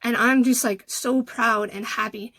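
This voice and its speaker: A woman's voice: fairly high pitch, fairly even intonation, unhurried, pushed and bright, dry recording. A woman telling a story in a casual, chatty way, full of "like" and "you know". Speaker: vlogger.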